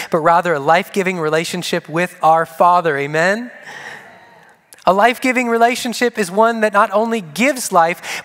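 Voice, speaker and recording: A man's voice: high voice, a bit bright. A man preaching a sermon to his congregation, earnest, repeating key phrases for emphasis. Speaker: pastor. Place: church sanctuary. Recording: long church hall reverb.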